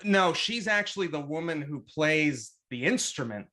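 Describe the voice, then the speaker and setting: A man with a theater background, chatting on a podcast and telling a story in a lively way, full of restarts and acted-out quotes. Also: fairly high pitch, normal speed, a crowd in the background. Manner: animated storyteller who acts out quotes with many restarts; theater-trained. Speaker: podcast co-host reporting on a trip. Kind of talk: casual chat.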